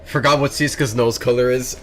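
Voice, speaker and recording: A young man chatting casually on a stream, excitable and quick to laugh and slip into silly voices. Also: mid-range voice, a little hiss or hum. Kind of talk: casual stream chat while drawing.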